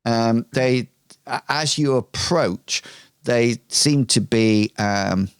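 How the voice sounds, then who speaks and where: A game master leads a tabletop session at an unhurried crawl, filling the gaps with ums. His low voice is smooth and clear, and it is recorded dry and close. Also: no echo. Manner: hesitant, full of ums, descriptive.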